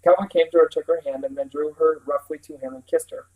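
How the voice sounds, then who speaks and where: A man's voice: fairly high pitch, quick pace, rough recording. Man reading a novel aloud. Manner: plain, steady reading with small slips and restarts.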